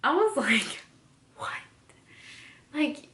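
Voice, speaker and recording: A woman's voice: mid-range voice, normal speed, a bit bright, a little hiss or hum. A young woman vlogger telling a story in casual chat, rambling with lots of "like" and "you know" fillers. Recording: echoey room.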